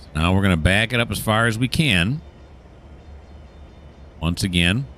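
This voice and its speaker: A man's voice: on the low side, animated, a little slow, fairly bright tone, slight background noise. A man casually commentating his train-simulator play, chatty and mildly sarcastic, talking to himself and the game. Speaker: gaming channel host.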